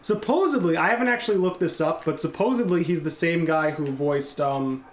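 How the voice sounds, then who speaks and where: A man's voice: on the high side, fairly quick, reverberant. A man giving live, rambling gameplay commentary and chatting casually with his viewers. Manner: rambling, casual, reads and answers chat. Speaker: gameplay streamer.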